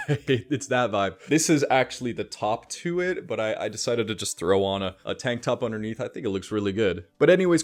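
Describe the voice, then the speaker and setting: Laid-back man giving casual advice. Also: medium pitch. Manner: laid-back, chatty, laughs often. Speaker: style and self-improvement vlogger. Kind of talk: casual advice vlog with sponsor read.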